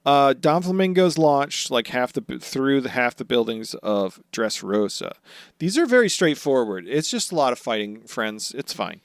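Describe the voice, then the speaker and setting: A man of middle pitch chats through an anime recap and swears freely. He slips into quick silly character voices as he goes. The recording is dry and close. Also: big pitch swings, no room sound. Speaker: podcast co-host. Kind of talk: casual chat recapping anime episodes.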